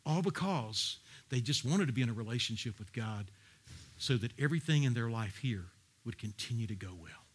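A man's voice: mid-range voice, animated, normal speed, breathy edge. A man preaching a sermon, asking the congregation pointed questions and reading Bible verses aloud. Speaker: pastor.

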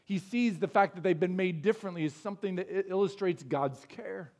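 A man's voice: high-pitched, a little fast, a little mellow. A man preaching a sermon, earnest and explanatory, asking his listeners rhetorical questions. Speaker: pastor.

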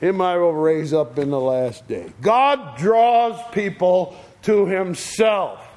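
Guy preaching a sermon real slow, high voice, lots of pauses between phrases. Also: animated, a little mellow.

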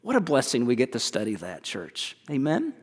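A man preaching a sermon as pastor, earnest and halting, repeating words as he goes. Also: medium pitch, wildly swooping pitch, breathy edge, long reverb tail. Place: church.

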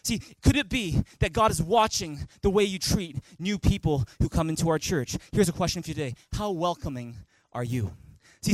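A man's voice: fairly high pitch, no room sound, rough recording. A male pastor preaching a sermon at a church service, emphatic and repeating key phrases, leading the congregation in reading aloud. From Canada.

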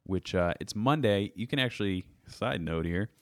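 A man's voice: on the low side, expressive, normal speed, fairly bright tone, no echo. A young man hosting a music podcast, joking around and reading out listener comments in casual chat. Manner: jokey, playful, reads comments aloud. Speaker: podcast host.

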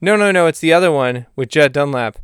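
A man's voice: fairly high pitch, animated, brisk, clean tone, no room sound, studio quality, voice pushed up, natural voice. A man voicing an earnest, easily hurt friend who gets a little defensive.

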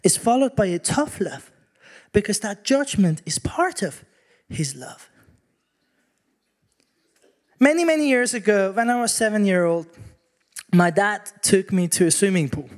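Guy giving a sermon, high pitched, tells stories and does the voices. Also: normal speed. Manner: storytelling, animated, acts out quotes. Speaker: preacher.

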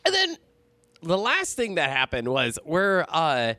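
A man casually telling a ghost story on a podcast, animated and full of swearing. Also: on the high side, measured pace, no room sound. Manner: profane, animated storytelling, laughs often. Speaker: podcast co-host.

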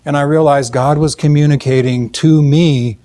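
A man telling a faith testimony in an earnest, halting way, with many fillers and restarts. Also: a little high, fairly even intonation, warm tone. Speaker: Christian speaker telling a testimony. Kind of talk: storytelling testimony.

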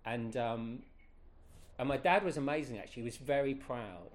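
A man's voice: mid-range voice, normal speed. Chatty man telling stories. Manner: animated, rambling, many self-corrections. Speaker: guest. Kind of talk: casual interview storytelling.

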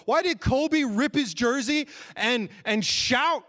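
High-voiced animated male preacher. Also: slow, few pauses. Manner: animated storytelling, bursts into shouts. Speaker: pastor. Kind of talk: sermon.

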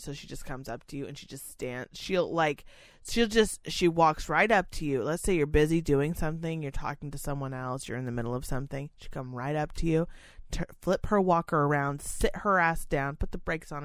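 A woman in casual chat, telling animated, profane stories. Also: deep voice, no echo, clean studio sound.

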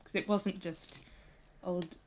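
A woman co-hosting a podcast, telling a history story in a lively, amused way. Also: lowish voice, takes it slowly, slight background noise. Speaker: podcast co-host. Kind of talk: casual history chat.

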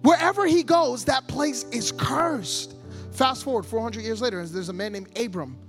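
Fiery joking preacher man. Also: very high-pitched. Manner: impassioned preaching, swinging between quiet storytelling and loud shouting; playful, jokey asides. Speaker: guest preacher. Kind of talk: sermon.

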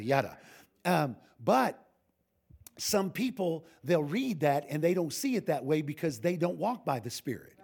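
A man's voice: a little high, creaky, darkish tone, breathy edge. An older man, a pastor, giving an informal sermon full of humorous stories, folksy and joking, with frequent restarts.

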